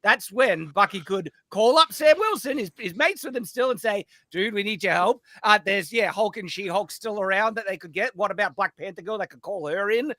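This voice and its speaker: A man's voice: high voice, animated, moderate pace, few pauses, bright, forceful tone, no room sound. A man on a casual panel explaining a point with energy. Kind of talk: casual chat.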